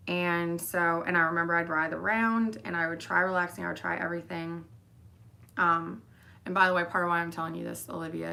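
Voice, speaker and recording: With vocal fry and a lowish, pushed, bright voice, a tired young woman talks directly to her daughter. Her monologue rambles, filled with fillers and sentences she restarts partway through.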